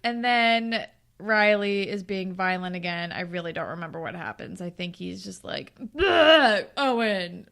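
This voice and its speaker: A young woman co-hosting a podcast, casually recapping a TV episode and acting out the characters' lines in quick impressions. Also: lowish voice, fairly even intonation, vocal fry, a bit bright. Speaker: podcast co-host.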